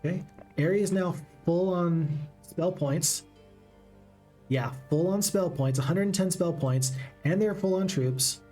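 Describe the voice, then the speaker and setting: A man's voice: high-pitched, measured pace, warm tone, faint music behind. Chatty man thinking aloud over gameplay. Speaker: gaming channel host. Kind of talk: casual strategy game commentary.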